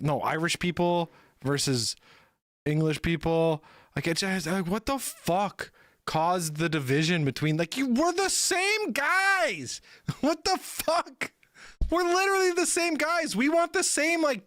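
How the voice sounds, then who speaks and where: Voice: mid-range voice, a bit bright, no room sound, clean studio sound. A streamer reacting to a video in casual, rambling talk, full of swearing and restarts. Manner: rambling, profane, many restarts.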